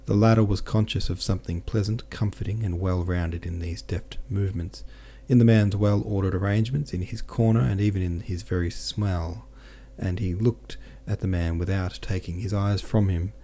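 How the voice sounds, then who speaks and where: A man reads a classic novel aloud as an audiobook narrator. His voice is low and mellow, and his delivery is steady and measured. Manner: steady, measured reading with small self-corrections.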